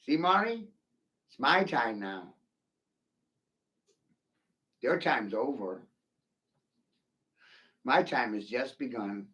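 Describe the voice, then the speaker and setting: A man's voice: mid-range voice, lively intonation, very slow, long pauses, bright, forceful tone. A man delivering a rambling, profane, mocking solo rant to the camera.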